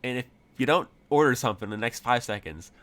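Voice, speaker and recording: A man's voice: medium pitch, lively intonation, fast talker, fairly bright tone, voice pushed up, natural voice. A man voicing a grumpy, insulting male leprechaun bartender in a tabletop game, talking with exasperated scorn. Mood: irritated.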